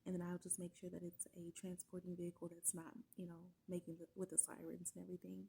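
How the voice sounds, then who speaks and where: Gravelly, breathy woman telling her story. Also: fairly low pitch, monotone, warm tone, poor audio. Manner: halting, many fillers, often drops to a breathy whisper. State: emotional, close to tears. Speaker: vlogger sharing her story. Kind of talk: casual personal storytelling.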